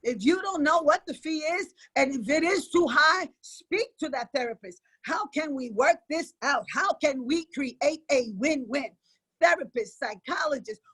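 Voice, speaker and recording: Husky woman giving a fervent testimony. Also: high-pitched, fairly bright tone, rough recording. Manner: emphatic, preaching cadence. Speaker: panel guest. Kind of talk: impassioned faith testimony. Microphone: video call.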